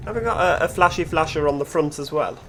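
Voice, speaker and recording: A man's voice: on the high side, animated, fast talker, bright, forceful tone, slight background noise. A man with a Yorkshire accent hosting casual gameplay commentary, chatty, musing aloud and talking to the other drivers. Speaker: gaming channel host.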